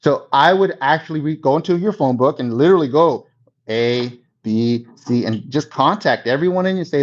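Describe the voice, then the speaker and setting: A man gives a conversational real estate coaching talk, frequently checking in with listeners by asking "okay?" and "right?" He speaks at a medium pitch and normal speed, and the recording is dull and lo-fi.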